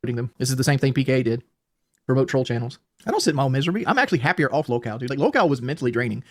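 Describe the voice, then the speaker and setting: Very fast-talking complaining man. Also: mid-range voice, animated, dry recording, studio quality. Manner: complaining, listing grievances, restarts. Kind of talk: casual stream talk.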